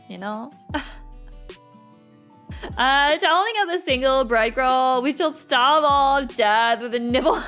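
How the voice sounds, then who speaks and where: A woman's voice: on the high side, a bit bright. A young woman, chatting casually with her stream viewers and laughing often between lines. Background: faint music.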